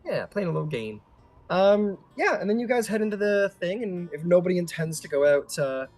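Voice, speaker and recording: A man narrating as game master in a rambling, relaxed way with many fillers. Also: high-pitched, a little fast.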